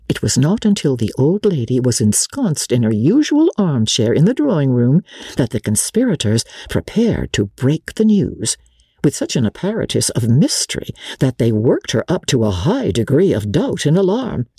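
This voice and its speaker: Woman narrator, low husky voice, lively expressive reading, dry close sound. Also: normal speed, dry recording. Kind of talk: audiobook narration of a classic novel.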